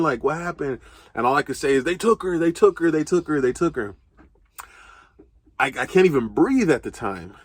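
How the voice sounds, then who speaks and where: A young man telling a painful family story in a casual, halting way, full of fillers and restarts. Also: fairly low pitch, fairly bright tone, no room sound. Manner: casual, halting, filler-heavy, choked with emotion. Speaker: vlog co-host. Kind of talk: emotional storytelling.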